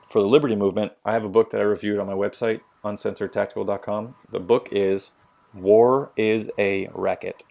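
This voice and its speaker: A military veteran with a lowish, steady, slightly mellow voice speaks a little fast with some creak. His casual podcast storytelling is blunt and profane, with quotes acted out.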